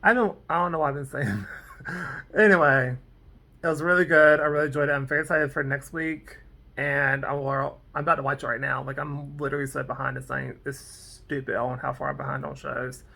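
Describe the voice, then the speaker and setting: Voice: mid-range voice, fairly even intonation, a little fast, creaky, pushed and bright. A vlogger casually recapping a TV episode, rambling off on tangents with lots of "like" and "um". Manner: fillers like "like" and "um". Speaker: TV episode reviewer.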